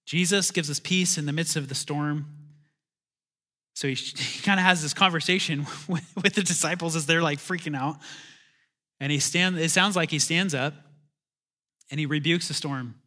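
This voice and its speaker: Male pastor with a fairly high voice, casual and animated, restarts often, preaching in church. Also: moderate pace, long pauses. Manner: conversational, animated, self-interrupting, chuckling asides. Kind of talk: sermon.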